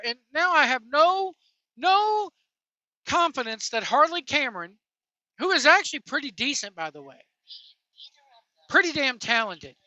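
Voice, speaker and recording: A woman's voice: high voice, sharp tone, no room sound, highs cut off. A woman giving a profane, mocking rant reacting to wrestling clips, talking while driving. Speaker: wrestling commentary vlogger. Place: in a vehicle.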